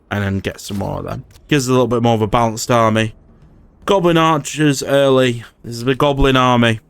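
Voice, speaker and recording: A gaming YouTuber with a medium-pitched, slightly bright, clear and resonant voice gives casual commentary over his strategy game. He swears and talks back in frustration to the enemy AI lords.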